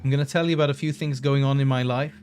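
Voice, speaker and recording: A man's voice: mid-range voice, fairly even intonation, very fast, darkish tone, faint music behind. A young man streaming live, chatting casually and earnestly, rambling a little as he thanks viewers one by one.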